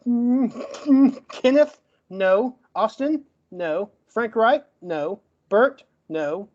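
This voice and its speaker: A man's voice: very high-pitched, expressive, a little mellow, muffled recording. A man who stutters and gets stuck on words, laying out a closing argument in a podcast debate point by point. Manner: argumentative, lays out points in rapid lists. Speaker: debate guest.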